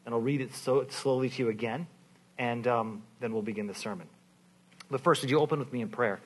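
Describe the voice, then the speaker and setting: A male pastor giving a sermon, talking informally with restarts and fillers, then praying and reading scripture slowly and softly. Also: mid-range voice, slightly rough. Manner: informal, restarts phrases, many "kind of" fillers.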